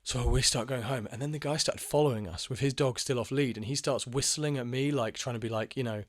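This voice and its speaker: A young man talks through a personal story in a loose, unscripted monologue. He rambles, restarts his sentences and swears freely. His voice sits at a middle pitch, and the sound is dry and close with no room echo. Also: brisk. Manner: rambling, frank and profane, with many fillers and restarts. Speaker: channel host telling personal stories. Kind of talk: casual monologue.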